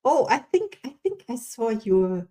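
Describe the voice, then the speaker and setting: A woman's voice: on the high side, sing-song, a little slow. A woman hosting a podcast interview, talking in an enthusiastic and effusive way. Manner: enthusiastic, warm and effusive with praise. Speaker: podcast host. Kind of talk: casual interview chat.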